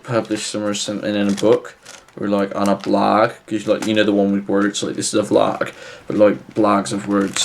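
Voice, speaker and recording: Rambling man, deadpan vlog. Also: lowish voice, creaky. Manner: rambling, halting, filler-heavy; flat, matter-of-fact. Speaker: vlogger. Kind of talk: deadpan comic advice vlog.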